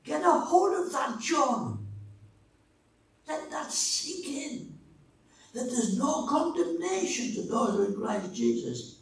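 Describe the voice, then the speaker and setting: A man preaching, voicing God as a loving fatherly figure who speaks in a raised, slow, emphatic way, in an echoey hall. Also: very high-pitched, sing-song, far from the mic, a little hiss or hum, voice pushed up, full character voice. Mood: tender, urging.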